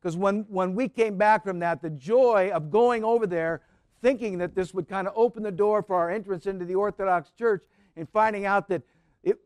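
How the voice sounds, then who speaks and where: A man preaching a sermon in a storytelling way, rising to fervent cries and then dropping soft. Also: high voice, dry recording, studio quality. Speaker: pastor.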